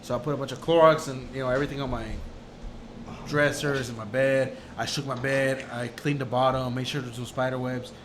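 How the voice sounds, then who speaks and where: A young man co-hosting a casual podcast, telling animated stories, laughing often and swearing. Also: medium pitch, a little fast, background noise. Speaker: podcast co-host. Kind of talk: casual chat.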